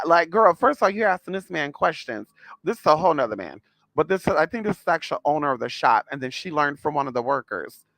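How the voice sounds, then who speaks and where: A man's voice: on the high side, expressive, brisk, gravelly, pushed and bright, no room sound. A man telling a story to his viewers in a sassy, blunt, casual way, calling them girl and honey. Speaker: spiritual vlogger.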